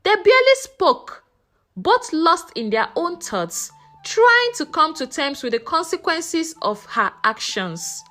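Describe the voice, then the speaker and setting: A woman narrating a folktale in a slow, expressive storytelling manner. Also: extremely high pitch, soft background music.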